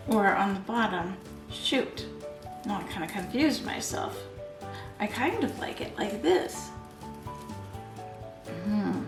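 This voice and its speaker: A middle-aged woman vlogging casually as she crafts, chatty and rambling, quick to laugh at herself. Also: medium pitch. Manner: chatty, rambling, giggly self-deprecating. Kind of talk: casual chat while crafting. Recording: echoey room, faint background music.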